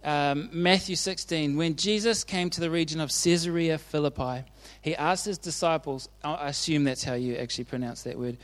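Casual male preacher, slightly high voice, chatty, keeps asking the room "right?". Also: moderate pace, hardly any pauses. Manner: chatty and informal, often checks in with the audience. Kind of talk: casual sermon retelling Bible stories.

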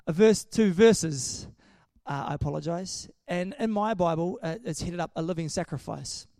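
Man, high voice, casual sermon, joking and chatty, dry close sound. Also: moderate pace, creaky, dark tone, dry recording. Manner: chatty and joking, with many restarts. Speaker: preacher.

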